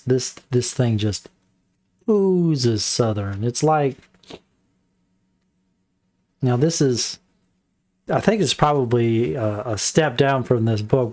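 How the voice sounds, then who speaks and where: A man giving a casual, rambling book review, halting often with fillers and restarts. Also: medium pitch, a little mellow.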